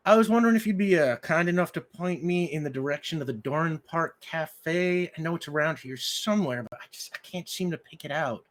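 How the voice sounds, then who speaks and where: A man voicing a creepy stranger in a raincoat who talks in an overly polite, smooth way. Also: a little high, a little fast, hardly any pauses, fairly bright tone, pitched above the performer's own voice, close to an everyday voice.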